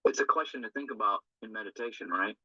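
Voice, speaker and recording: Earnest man with a bright, lo-fi voice. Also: lowish voice, quick pace, slightly rough, no echo. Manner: earnest, rambling, tag questions. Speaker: recovery group speaker. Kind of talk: informal talk on a recovery text. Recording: dull lo-fi dry recording.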